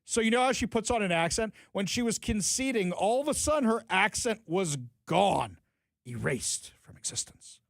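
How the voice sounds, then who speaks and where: This sarcastic political talk radio host has a high, gravelly voice with big swings in pitch and a moderate pace, recorded with no room sound. He reads news items aloud, then comments on them with mocking asides.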